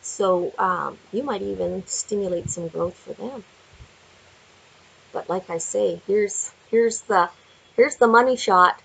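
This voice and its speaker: A woman giving a chatty tarot card reading, laughing often and talking to viewers in animated asides. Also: medium pitch, slow, gravelly, slightly rough, poor audio. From Canada. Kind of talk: casual tarot reading vlog. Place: home with window view.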